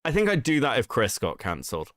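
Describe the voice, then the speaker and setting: A man's voice: mid-range voice, wildly swooping pitch, quick pace, fairly bright tone, no room sound, studio quality. A male stream host giving heated commentary, exasperated and swearing often. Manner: exasperated, profane ranting.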